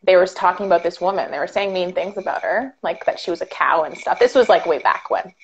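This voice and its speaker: A woman's voice: fairly low pitch, quick pace, muffled recording. Jokey woman in her late twenties. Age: late 20s. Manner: playful, jokey. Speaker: guest. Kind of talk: casual chat.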